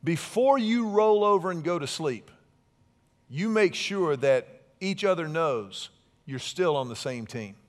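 A middle-aged man preaching a sermon in a conversational way, with asides and big swings between loud and soft. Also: a little high, animated, a little slow. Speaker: pastor.

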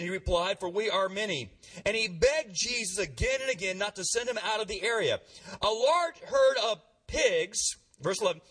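A pastor with a high, slightly rough voice preaches an energetic sermon in a church, calling on the congregation to respond. The mic sits at a distance.

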